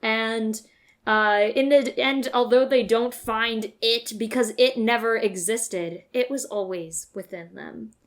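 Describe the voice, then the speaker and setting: A woman on a podcast pitching a story idea in a casual, rambling way, full of fillers. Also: slow pace.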